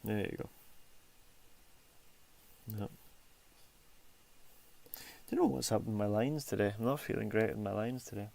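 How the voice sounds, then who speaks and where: A man's voice: lowish voice, a little slow, vocal fry, pauses often, a little mellow. Chatty man narrating his drawing. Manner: rambling, self-interrupting, chatty. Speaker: artist streaming his drawing. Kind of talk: casual narration while drawing.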